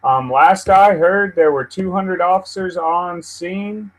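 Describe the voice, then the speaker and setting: A livestream host runs a casual live news stream, rambling, swearing and venting at his computer whenever he gets frustrated. His voice sits high and he speaks slowly, over poor audio.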